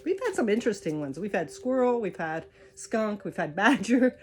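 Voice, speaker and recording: A woman reads oracle cards over faint music, her mid-range voice animated at a normal speed. As a tarot card reader giving a spiritual reading, she's chatty and encouraging, thinking aloud throughout.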